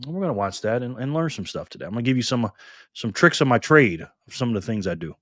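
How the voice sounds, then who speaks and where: A man's voice: mid-range voice, very animated, fast, fairly bright tone, no room sound, clean studio sound. A man hosting a casual live stream, greeting chat viewers by name in a friendly, upbeat way from home. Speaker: livestream host. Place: home room in Las Vegas.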